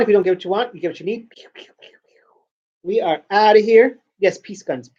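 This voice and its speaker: A husky, high-voiced man talks at normal speed, with the high frequencies cut off in the audio. He hosts a joke news show from home, rambling to camera at his computer. He jokes, mocks himself, and keeps trailing off and restarting.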